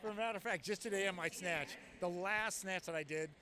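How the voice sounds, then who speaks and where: A man's voice: high-pitched, brisk, pushed and bright. A man giving color commentary at a live fitness competition, plainspoken and folksy.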